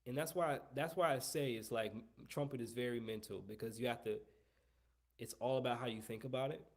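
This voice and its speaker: A man's voice: mid-range voice, fairly even intonation, brisk. Male trumpet teacher, live lesson, wordy, restarts phrases, coaching. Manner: long-winded, repeats himself, coaching tone. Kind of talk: live online music lesson.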